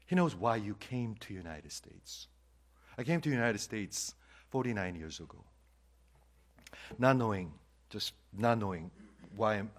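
An older man who first spoke preaches a sermon with a lively, swinging delivery. He drops to hushed near-whispers, then climbs to loud, forceful peaks. He keeps turning to the congregation with questions. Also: fairly low pitch, breathy edge. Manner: asks the congregation repeated questions. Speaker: pastor.

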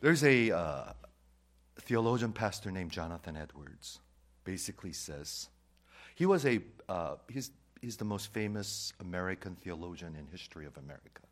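A male pastor delivers a sermon in a fairly low voice. He drives points home by repeating them, rising to loud emphatic declarations and then dropping to soft, quiet asides. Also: expressive, normal speed.

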